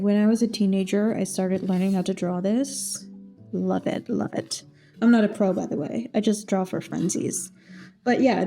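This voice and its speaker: Chatty young woman, casual planner vlog, thinks aloud, soft music behind. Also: medium pitch. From Netherlands. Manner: chatty, self-talking, playful exclamations. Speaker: vlogger.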